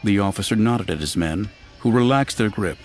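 A man narrating an audiobook in a steady, even storytelling manner. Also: on the low side, normal speed, soft background music. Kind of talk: scripted narration.

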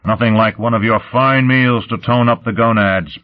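A man's voice: medium pitch, steady tone, moderate pace, pitched above the performer's own voice, natural voice. Man doing a gloating, brash pleasure-seeker. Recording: tinny phone-like sound.

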